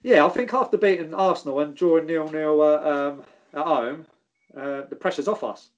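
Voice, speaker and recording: A man, a former footballer, telling animated anecdotes and swearing freely. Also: fairly high pitch, normal speed, lo-fi sound. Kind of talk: casual storytelling.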